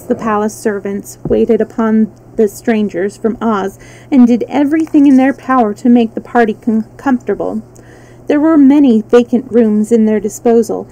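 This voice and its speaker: A woman reading a children's book aloud on a livestream, relaxed, with small slips she corrects. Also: fairly high pitch, gravelly, low-quality recording. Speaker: storyteller. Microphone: livestream mic.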